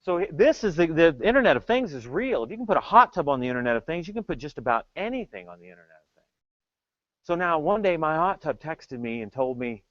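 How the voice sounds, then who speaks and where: A middle-aged man giving a tech talk, telling stories in an animated, joking way. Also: fairly high pitch, fast, dry recording, highs cut off. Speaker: tech speaker. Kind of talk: storytelling keynote talk.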